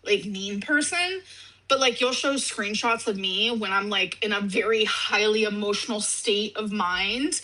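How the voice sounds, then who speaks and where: A woman's voice: mid-range voice, measured pace, bright, forceful tone, poor audio. A woman in a vlog clip, ranting defensively with a sarcastic edge. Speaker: vlogger in a clip being reacted to. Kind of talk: casual vlog rant.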